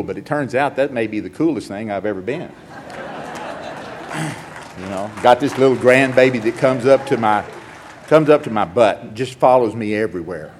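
A man's voice: fairly low pitch, a little hiss or hum. An older man giving a personal testimony at a recovery meeting, telling stories in a rambling, heartfelt, self-mocking way.

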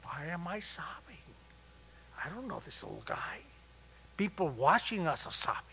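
A man in his sixties sharing a personal story at a recovery meeting, with wry, self-mocking humor that turns tender and soft. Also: fairly high pitch, huge pitch swings, a little slow, vocal fry, slight background noise.

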